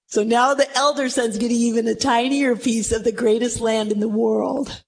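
A woman preaching a sermon to a room, retelling a story with animated, dramatic delivery. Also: fairly high pitch, moderate pace, creaky, a little hiss or hum, rough recording. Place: room with audience.

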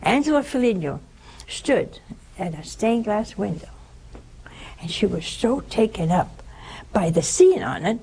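An older religious sister giving a sermon, telling a story with animated voices and sudden drops to a whisper. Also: female voice, mid-range voice, a little slow, pauses often, slight background noise, rough recording. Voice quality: gravelly, husky.

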